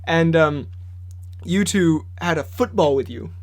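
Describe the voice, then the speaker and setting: High-voiced young man, laughing chatter. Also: expressive, gravelly. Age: young adult. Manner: laughs often, quick storytelling. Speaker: podcast co-host. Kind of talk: casual chat. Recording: slight background hum.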